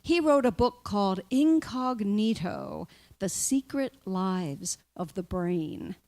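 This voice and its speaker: A woman's voice: mid-range voice, animated, takes it slowly, a little mellow. A woman minister giving a conversational spiritual talk to a live group, often asking her listeners "right?".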